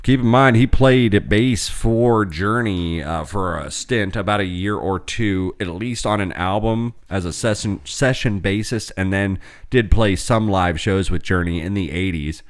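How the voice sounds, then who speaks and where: Male host, very low voice, dry close mic, loose and profane. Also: unhurried, no echo. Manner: joking, profane, runs the segments. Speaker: podcast host. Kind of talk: casual chat among family.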